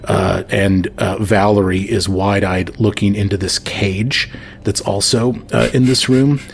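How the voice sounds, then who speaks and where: A man's voice: fairly low pitch, steady tone, a little slow, gravelly. A man narrating a tabletop game as game master, rambling with many fillers.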